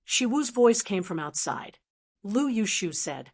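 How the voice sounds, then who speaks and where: A woman narrating an audiobook with a steady, even reading. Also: medium pitch, unhurried, husky. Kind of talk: scripted narration.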